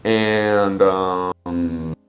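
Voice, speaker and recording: A man's voice: low voice, steady tone, very slow, faint music behind. A man being interviewed as a game designer, explaining the rules step by step with many restarts. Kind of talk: interview answers.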